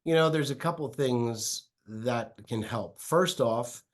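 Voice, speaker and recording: A middle-aged man tells a story as a podcast guest. He speaks from a small home office and acts out the lines he quotes. His voice sits at an everyday pitch. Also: takes it slowly. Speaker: real estate investor and guest.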